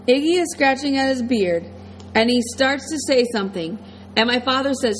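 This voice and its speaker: A woman's voice: high voice, lively intonation, moderate pace, slight background noise, poor audio. Woman narrating an audiobook. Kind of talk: first-person audiobook narration.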